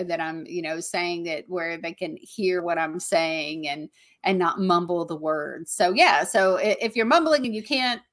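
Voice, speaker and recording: A woman with a Southern American accent co-hosts a podcast in loose, chatty talk. Her voice is bright and forward, and she keeps checking in with a questioning "right". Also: on the low side. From Southern United States. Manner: chatty, says "right" often. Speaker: podcast co-host, comedian. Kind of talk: casual chat.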